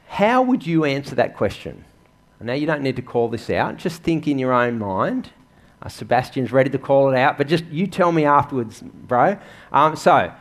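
A man preaching to a church congregation in an earnest, conversational way, posing questions and answering them himself. His voice sits a little high and swings widely in pitch. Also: sing-song, moderate pace. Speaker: pastor. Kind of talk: sermon.

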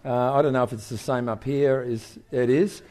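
An older man speaking as a guest in an on-stage interview, telling stories in an animated way. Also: medium pitch, normal speed. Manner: animated storyteller, acts out voices in anecdotes.

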